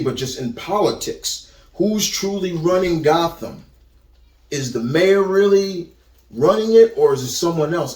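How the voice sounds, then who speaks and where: Unhurried man, echoey and off-mic. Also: medium pitch, distant mic. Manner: rambling, frequent restarts and stammered repeats. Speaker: movie reviewer. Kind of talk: casual spoken movie review. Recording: roomy echo, voice set back from the mic.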